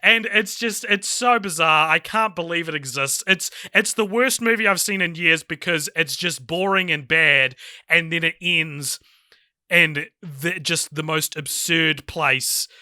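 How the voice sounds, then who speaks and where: A man co-hosting a film podcast, talking in an excitable, incredulous way with stammering restarts. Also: a little high, measured pace, dry recording, clean studio sound. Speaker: podcast co-host. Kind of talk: casual film review chat.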